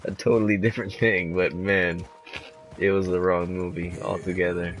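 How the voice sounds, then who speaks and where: A man with a low, creaky voice rambles through casual gameplay commentary. He swears freely and laughs often as he plays. Faint game music runs behind him. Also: level tone, moderate pace. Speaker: gamer.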